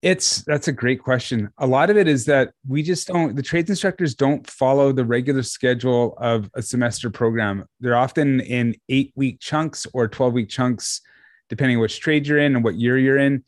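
A man co-hosting a podcast on trades teaching, talking in a relaxed, chatty way and laughing easily. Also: mid-range voice, moderate pace, no echo, studio quality. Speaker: podcast co-host, trades education developer. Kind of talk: casual conversational podcast chat.

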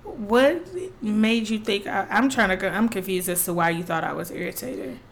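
A young woman co-hosts a casual podcast chat. She tells stories animatedly, acting out other people's lines as she goes. Her voice sits at a middle pitch. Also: moderate pace, gravelly. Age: young adult. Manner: animated storytelling with acted-out quotes. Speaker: podcast co-host.

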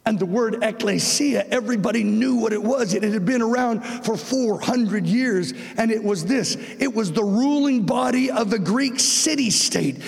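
A man preaching a sermon with passion, his voice surging up to shouts. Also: high voice, moderate pace, gravelly, few pauses, breathy edge. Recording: long reverb of a large hall.

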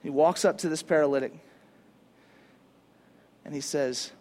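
A male pastor preaching a sermon in an animated, casual, conversational way, using slang. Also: on the high side, moderate pace, pauses often.

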